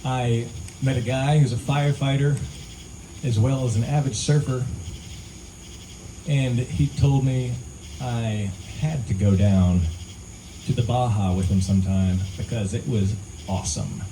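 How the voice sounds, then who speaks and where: A man with a mellow, warm voice of ordinary pitch spins a laid-back story between songs at an outdoor concert. He talks casually into a stage mic, and crickets chirp faintly in the night air behind him. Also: measured pace, long pauses, slight background noise, low-quality recording. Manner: relaxed, conversational, laughs at own story. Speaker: singer-songwriter performing live. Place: live music venue, outdoors among pines.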